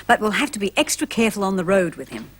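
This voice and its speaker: A woman's voice: medium pitch, big pitch swings, rapid-fire, slight background noise, lightly acted. A woman voicing a caring young father in a children's storybook, protective and warning. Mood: cheerful.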